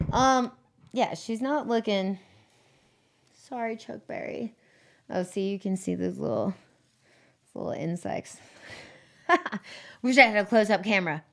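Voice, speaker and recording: Her voice runs low with noticeable vocal fry as she casually shows her plants on a live stream. She's chatty and loose, swears freely, restarts sentences, and wanders nearer to and away from the mic.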